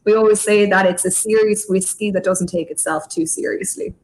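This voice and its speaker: A woman's voice: mid-range voice, steady tone, fairly quick, a little mellow, rough recording. A woman with an Irish accent, a guest explaining whiskey in a chatty livestream tasting, talking in long loose runs with fillers over a video call. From Ireland.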